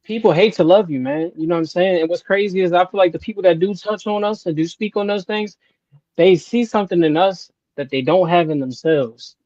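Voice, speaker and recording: Give me a man who is a podcast guest, high-voiced and emphatic, preaching his point and checking in with the listener. The audio is a bit dull and muffled. It is dry with no room sound. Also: brisk, a little mellow, no room sound. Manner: emphatic, preachy, often asks "you know what I'm saying". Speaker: guest, music artist. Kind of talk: casual podcast interview.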